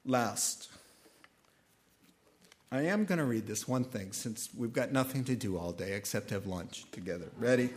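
Animated man preaching a conversational sermon. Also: medium pitch, measured pace. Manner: animated, conversational preaching with sudden quiet drops. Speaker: pastor.

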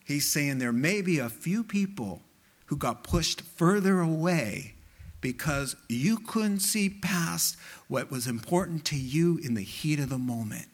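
A pastor preaching a sermon with impassioned, emphatic delivery, climbing into high quoted exclamations. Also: male voice, animated, measured pace.

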